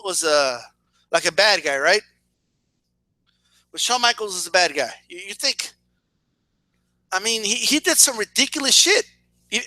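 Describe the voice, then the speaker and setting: A man's voice: high voice, bright, forceful tone, dry recording. A man in his thirties ranting in a casual video, sarcastic and profane, often stumbling over and repeating words as he gets worked up. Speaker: boxing and wrestling commentator.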